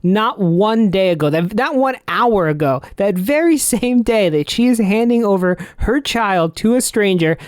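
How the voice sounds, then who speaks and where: A man's voice: high-pitched, animated, a little slow, hardly any pauses, smooth, dry recording, studio quality. A man co-hosting a podcast, chatting casually about a movie in an incredulous tone and laughing often. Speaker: podcast co-host.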